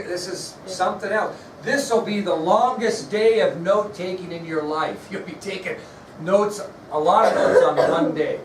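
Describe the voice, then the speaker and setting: A man teaching a history class in a conversational way, often checking in with his students. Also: high voice. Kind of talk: classroom lecture. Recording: echoey room, far mic, faint noise.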